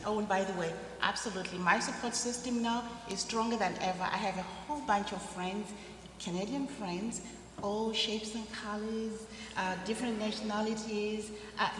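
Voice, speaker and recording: An upbeat woman answers on a community panel as an immigrant and laughs often as she talks. She speaks in a church hall, and her voice rings out with a long echo. Clear background noise runs underneath. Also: mid-range voice, a bit bright.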